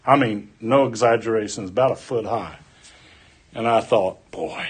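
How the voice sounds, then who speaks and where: A man preaching a sermon, deliberate and folksy, mixing scripture with homespun stories. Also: lowish voice, breathy edge.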